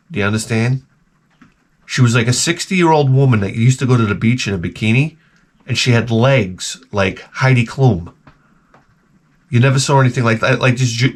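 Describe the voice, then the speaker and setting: Guy ranting funny stories, cussing a lot, restarts mid word, super lively up and down voice. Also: medium pitch. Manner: animated, profane, stammering restarts. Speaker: retro game channel host. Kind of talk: rambling comedic rant.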